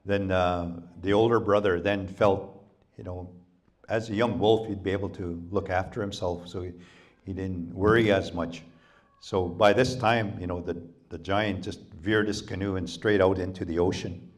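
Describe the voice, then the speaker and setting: A man from Canada telling a traditional folktale to a library audience, with a very deep and low voice. He speaks in an unhurried, halting way and fills his pauses with "you know" and "um". His telling feels plain and conversational rather than polished. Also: fairly even intonation. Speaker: storyteller. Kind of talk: oral folktale storytelling. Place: public library talk.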